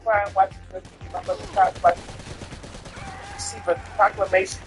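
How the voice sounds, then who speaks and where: High-voiced tipsy man, emphatic and profane. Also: little pitch movement, a little fast, fairly bright tone, faint music behind. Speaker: speaker telling a personal story. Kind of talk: casual storytelling.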